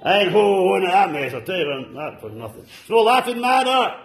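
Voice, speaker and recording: A man preaches a church sermon in a high, light voice, calling out to his listeners with fervent exclamations. He swings between loud bursts and hushed asides. The sound carries an echoey room around it. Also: sing-song, a little fast. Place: church service.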